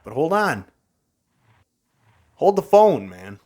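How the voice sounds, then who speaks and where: A young man talks through his hockey game in a loose, running commentary, slightly higher-pitched than most men. He grumbles, mocks himself and laughs off his losses as he goes. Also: very animated, takes it slowly, a little mellow. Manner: frustrated, exasperated, self-mocking with frequent laughs. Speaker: gaming YouTuber. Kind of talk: casual gameplay commentary.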